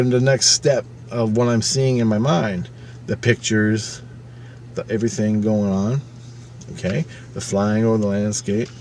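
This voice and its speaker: A man's voice: fairly low pitch, a little hiss or hum. A man in his fifties telling a personal story to camera. He speaks casually and emphatically, swears often, and repeats phrases as he goes. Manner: profane, emphatic, halting retelling with repeated phrases. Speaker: channel host.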